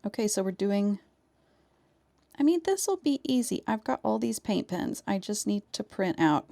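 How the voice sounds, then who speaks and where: A woman in her thirties with a low-key, even delivery, casually chatting with viewers while she crafts on a live stream. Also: normal speed, creaky. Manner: thinks aloud and answers chat.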